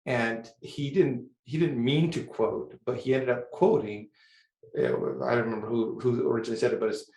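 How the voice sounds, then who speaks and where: A man's voice: medium pitch, steady tone, normal speed, vocal fry, darkish tone. A man hosting a podcast interview, chatting in a friendly way, affirming his guest and asking open questions. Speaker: podcast host. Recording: echoey room.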